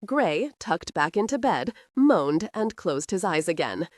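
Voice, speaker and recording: Woman narrator for a period romance audiobook, animated pitch, dry close booth. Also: measured pace, no room sound. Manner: expressive storytelling with lively pitch.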